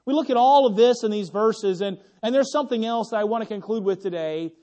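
A young adult male pastor preaching a sermon, swinging from loud exclamations to hushed, tender passages. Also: sits high, a little fast.

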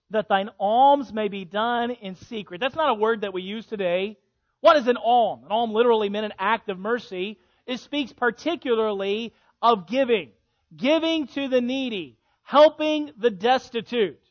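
A male pastor preaching a sermon in a church, swelling on key points and dropping soft and low at others. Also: dull audio. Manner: preaching with rising emphasis and soft drops. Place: church sanctuary.

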